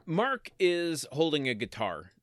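A man chatting casually as a podcast co-host, relaxed as he recaps sitcom scenes and moves the talk along. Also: a little high, slow, no echo. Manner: relaxed, steers the conversation to the next scene.

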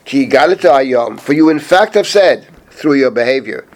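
A middle-aged man, a rabbi, teaching a Bible chapter, reading Hebrew verses slowly and then translating and explaining them. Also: mid-range voice, lively intonation. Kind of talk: spoken Bible lesson.

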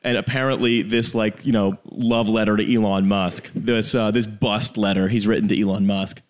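A man's voice: on the low side, fairly even intonation, normal speed. A man hosting a comedic podcast over a call, steering the chat with frequent ums and uhs. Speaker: podcast host. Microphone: remote call.

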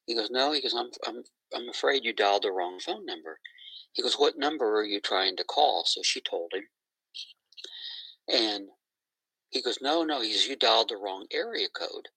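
A middle-aged man, a guest on an interview, retelling a story and quoting others in a lively conversational way. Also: fairly low pitch, normal speed, breathy edge, no room sound, low-quality recording.

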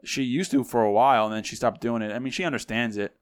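A man co-hosting a casual podcast, chatting in an animated way and imitating other people as he tells stories. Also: mid-range voice, fast talker. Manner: animated, mimics voices in stories. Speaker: podcast co-host. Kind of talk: casual chat.

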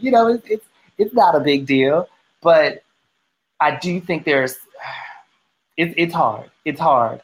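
A woman's voice: low-pitched, lively intonation, takes it slowly, long pauses, poor audio. A woman in casual conversation who speaks reflectively, often restarting her sentences.

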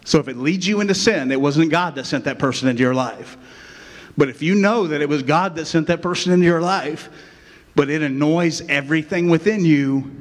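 Conversational man preaching in a church. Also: medium pitch. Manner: conversational, constant "right?" checks with the congregation. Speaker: pastor. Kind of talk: sermon. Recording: long reverb of a church hall.

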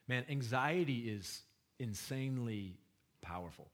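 A man's voice: medium pitch, expressive, moderate pace, fairly bright tone. Male preacher, casual sermon delivery with quips and questions to the room. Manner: conversational, joking with the congregation. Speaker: pastor.

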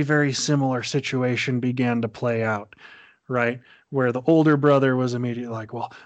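A man's voice: medium pitch, dry recording. A man in casual podcast chat, animatedly retelling a story and acting out the dialogue.

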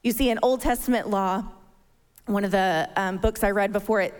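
A woman's voice: mid-range voice, steady tone, normal speed, clean tone. A woman in her thirties giving a sermon, telling a personal story and acting out her own panic. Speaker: church speaker. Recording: long hall reverb.

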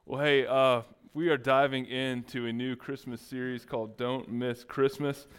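A man's voice: mid-range voice, flat delivery, normal speed, fairly bright tone, smooth. A man preaching as a pastor, joking and teasing his congregation between points. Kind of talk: sermon with playful asides.

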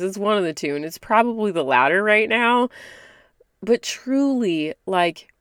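A woman's voice: on the low side, no echo, clean studio sound. A woman in her thirties hosting a podcast, giving casual, direct advice and laughing often. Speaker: podcast host. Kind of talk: casual motivational talk.

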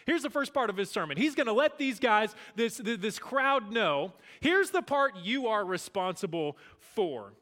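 A man preaching a sermon as pastor, emphatic, swinging between loud declarations and hushed lines. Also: sits high, very animated, moderate pace, hardly any pauses. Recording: long hall reverb.

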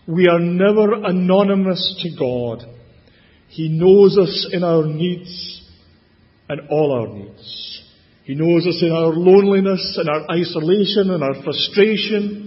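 A man preaching a sermon, slow and deliberate, dropping to a hush on key words. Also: fairly high pitch, long reverb tail, dull audio.

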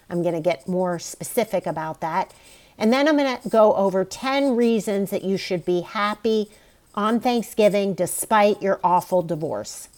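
A woman hosting an advice podcast, talking straight to the listener in a warm, reassuring way. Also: medium pitch. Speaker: podcast host.

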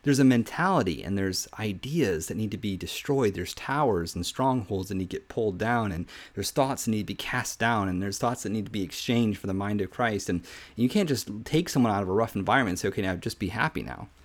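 A man hosting a devotional podcast who teaches scripture earnestly and drops to a soft hush when quoting verses. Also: on the low side, expressive, a little fast. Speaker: podcast host and Bible teacher.

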